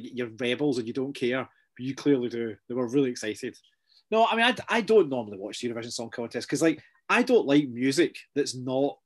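Chatty sardonic man. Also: mid-range voice. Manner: chatty, sardonic, quick asides. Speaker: podcast co-host. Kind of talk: casual chat.

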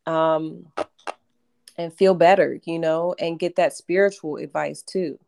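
A woman tarot reader talking about readings in a relaxed, rambling way, full of fillers and restarts. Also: low voice, unhurried, creaky. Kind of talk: casual podcast chat.

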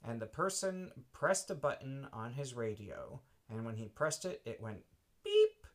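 A man improvising a bedtime story for a child, gentle and unhurried, making it up as he goes. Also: mid-range voice. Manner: slow, gentle, makes it up as he goes. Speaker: parent telling a bedtime story.

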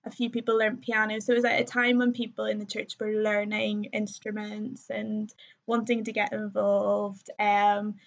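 A woman's voice: medium pitch, little pitch movement, moderate pace, gravelly. A young woman telling her story as a podcast guest, chatty and full of ums and likes, laughing often. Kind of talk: casual conversational storytelling. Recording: slightly muffled lo-fi sound.

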